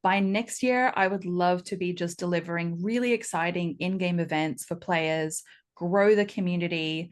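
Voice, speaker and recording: A woman, a game studio co-founder, chatting in an interview and telling stories with lively acted-out quotes. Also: fairly low pitch. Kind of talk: casual interview chat.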